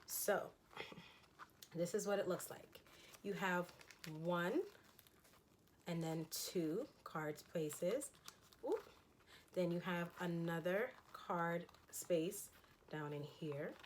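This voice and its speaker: Chatty woman with a lowish voice. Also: drawn-out words, pauses often, slight background noise. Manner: chatty and enthusiastic, frequent ums and laughs. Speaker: fashion haul vlogger. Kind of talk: casual haul chat showing items.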